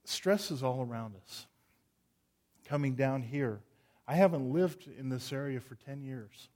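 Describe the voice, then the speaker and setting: A middle-aged man preaching, an earnest pastor who prays and then tells stories with animated swells. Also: medium pitch, a little slow. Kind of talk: sermon with prayer.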